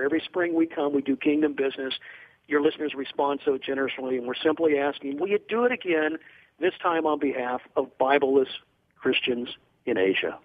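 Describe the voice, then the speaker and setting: Man, radio guest by phone, tinny phone sound, fairly high voice, earnest storytelling. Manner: earnest, animated storyteller with frequent fillers. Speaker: guest from a Bible ministry.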